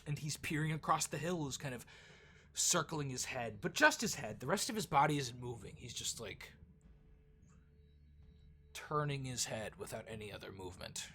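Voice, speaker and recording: A man running a tabletop game with a bright, forward voice, describing the scene in a loose, casual way. A faint hiss of background noise sits under the recording. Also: medium pitch, expressive, moderate pace. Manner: casual, descriptive, with frequent fillers. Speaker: game master.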